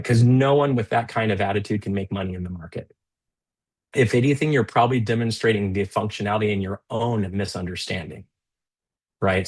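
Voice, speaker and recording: Male live-stream trading host, low and slightly husky, loose conversational delivery with frequent restarts. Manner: conversational, with many fillers and restarts; stern and scolding toward a rude chatter. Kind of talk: live-stream market commentary.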